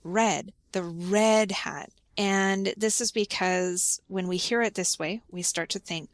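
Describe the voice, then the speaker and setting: A woman hosts a relaxed podcast conversation, asking guiding questions and explaining points patiently. Her voice carries a touch of vocal fry. The sound is close and dry, with no room around it. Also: mid-range voice, measured pace, few pauses, no echo. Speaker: podcast host and English teacher.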